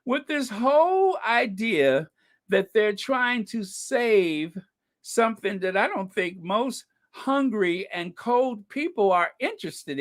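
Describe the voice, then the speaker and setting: A man hosting a casual live podcast, chatting with viewers, thanking them by name and dropping wry, laughing asides. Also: high voice. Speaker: podcast host. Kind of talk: casual commentary on live stream.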